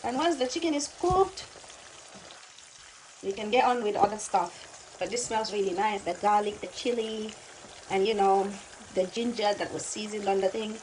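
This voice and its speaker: A woman's voice: mid-range voice, moderate pace, slight background noise, low-quality recording. A woman chatting casually while she cooks in her home kitchen, repeating words and calling her viewers babe. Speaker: cooking vlogger. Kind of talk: casual cooking chat to camera. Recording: loud frying and sizzling behind.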